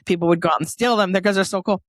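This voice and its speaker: A woman's voice: medium pitch, very fast, no echo. Middle-aged woman from norcal, chatty storyteller, does all the voices in her tale, dry close sound. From Northern California. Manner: lively, chatty storyteller who acts out dialogue. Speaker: podcast guest. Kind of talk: personal storytelling.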